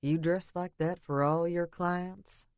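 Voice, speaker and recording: A woman voicing a rugged, possessive bearded man with a low rasping murmur, teasing and commanding in an audiobook. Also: steady tone, slow pace, darkish tone, no room sound.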